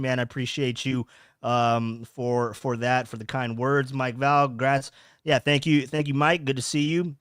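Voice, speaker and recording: Streaming a laid-back podcast from home, this young male host wanders off topic, says things twice and reads out chat messages. His mid-range voice comes across clear and resonant, captured cleanly with no echo.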